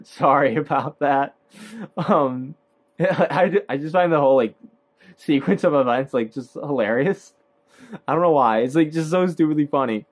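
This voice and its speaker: A man's voice: fairly high pitch, moderate pace. A man casually recapping a movie, rambling with lots of fillers and hesitations. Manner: rambling, filler-heavy, laughs at own points.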